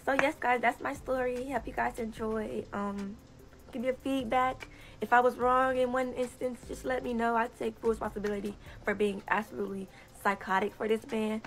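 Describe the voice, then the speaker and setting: A young woman telling a casual story time on social media, animated and indignant, often breaking into laughter. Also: a little high, moderate pace, soft background music. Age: young adult. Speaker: TikTok storyteller.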